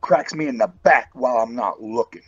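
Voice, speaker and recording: This West Virginia man, a professional wrestler, delivers an in-character promo that's both intense and folksy, addressing folks as "brother." He speaks briskly in a mid-range, slightly rough voice, captured on dull lo-fi audio.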